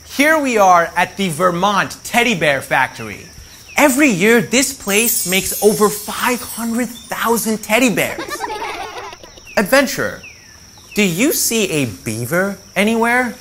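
A man's voice: high voice, sing-song, a little slow, pushed and bright, a little hiss or hum. A man hosting a preschool educational show, upbeat and playful, talking directly to young viewers and acting out animals. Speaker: children's show host. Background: music.

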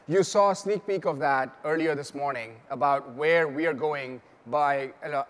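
A man giving a conference keynote on a stage microphone, explaining earnestly with fillers and restarts. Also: a little high. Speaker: keynote speaker. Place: large conference hall. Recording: long hall reverb.

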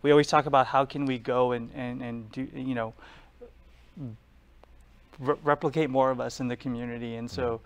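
A man's voice: medium pitch, fairly even intonation, moderate pace, long pauses, clean tone. A young man talking casually in an interview, chatty and often saying "like". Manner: chatty, laughs, says like often. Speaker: political candidate.

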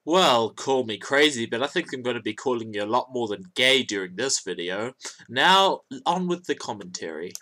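A man's voice: medium pitch, animated, moderate pace, pushed and bright. A man commenting on another creator's video with mocking sarcasm and frequent swearing. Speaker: YouTube commentator.

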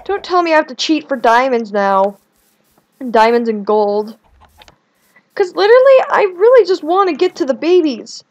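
A young woman chatting casually while playing a video game, rambling and swinging between whiny complaints and excited outbursts. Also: high voice, normal speed, lo-fi sound. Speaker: gaming video creator. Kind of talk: casual let's-play commentary.

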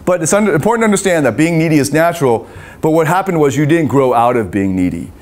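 Man, middle-aged, relationship coach, live seminar, casual cursing, wide pitch swings. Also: fast talker. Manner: animated and profane, acting out the voices of babies and parents.

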